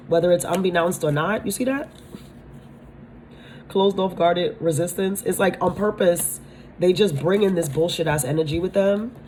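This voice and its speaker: Blunt, low-voiced woman giving a spiritual reading. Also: dark tone, slight background noise. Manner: blunt, swears freely, asks "you understand?". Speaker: tarot reader.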